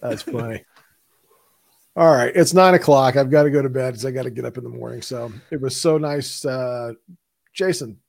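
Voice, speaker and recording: Brief: Texan co-host, gravelly and dry, laughs a lot in easy chat. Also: male voice, medium pitch, normal speed, darkish tone, no room sound. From Texas. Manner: laughs easily, loose and joking. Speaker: podcast co-host. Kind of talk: casual chat.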